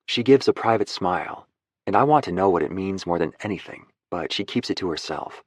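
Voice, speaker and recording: Male audiobook narrator, low voice, wry and easygoing, dry close read. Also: lively intonation, a little fast, no echo. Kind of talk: first-person romance narration.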